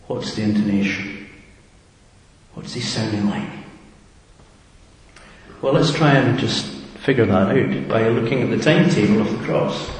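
A man preaching a sermon in a reflective way, often asking his listeners questions. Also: medium pitch. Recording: echoey hall with long reverb, faint noise.

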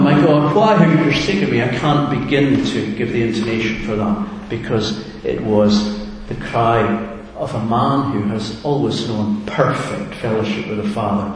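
A man preaching a sermon in a reflective way, often asking his listeners questions. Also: mid-range voice. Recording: echoey hall with long reverb, faint noise.

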